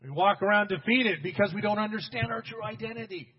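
A pastor delivers an energetic sermon, pushing his words out in emphatic bursts and calling back to the congregation. His voice sits high for a man and has a husky grain. The recording sounds a little muffled and dull. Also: fast, big-room sound. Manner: emphatic, rising to loud bursts, addressing the congregation directly.

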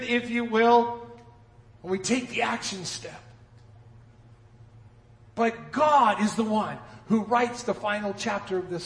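A man preaching a sermon with folksy humor, swinging from loud emphasis to hushed, dropped phrases. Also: high voice. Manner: dramatic swings from loud emphasis to near-whispered drops. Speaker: pastor. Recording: echoey church hall.

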